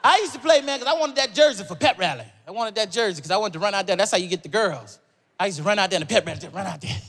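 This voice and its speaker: A man doing stand-up comedy on stage, telling a story with animated, yelping jumps in his voice. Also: high voice, rapid-fire. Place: comedy stage before a live audience. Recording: live stage audio with crowd noise.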